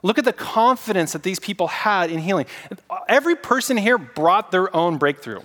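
A man preaching a casual, animated sermon and getting the congregation to repeat words back to him. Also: high voice, normal speed, long reverb tail. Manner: casual, animated preaching with audience call-and-response. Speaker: pastor.

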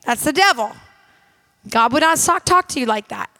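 A woman minister preaching with a high, bright-pitched voice. She speaks emphatically and directly, in a conversational way that calls out to the people listening. The sound is dry and close, with no room echo. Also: animated, moderate pace. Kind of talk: sermon.

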